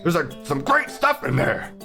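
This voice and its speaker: A gruff, boastful talking duck , as a man puts him on, bursts out in a raised, grating voice. He swings his pitch widely and sounds fed up and pushy. Video game music plays clearly behind him. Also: sing-song, moderate pace, exaggerated voice. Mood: indignant. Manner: loud and indignant, pitched up.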